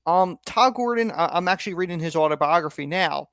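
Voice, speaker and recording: A man co-hosting a podcast, telling a story in a lively way and laughing often. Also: high-pitched, fairly quick. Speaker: podcast co-host. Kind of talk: casual chat, anecdote telling.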